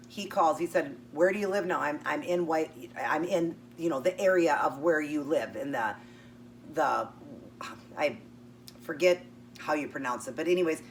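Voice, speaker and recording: A woman vlogger chattily telling a personal story while eating, acting out both sides of the conversation. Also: low-pitched. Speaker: keto vlogger. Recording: distant mic with faint hum.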